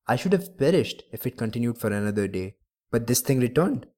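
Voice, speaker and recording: A man's voice: mid-range voice, big pitch swings, fairly quick, warm tone, lightly acted. A man voicing a harsh, greedy old blind beggar who snaps and cries out. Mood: complaining. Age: older. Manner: snapping, complaining, cries out.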